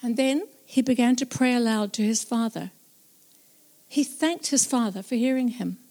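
A woman narrating a Bible story as a first-person witness, slow, reflective and earnest. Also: on the high side, warm tone.

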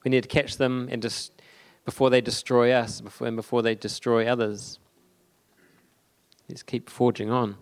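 A young man giving a conversational sermon, halting often with fillers and restarts. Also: medium pitch, level tone, clear, resonant tone. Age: young adult. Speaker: preacher.

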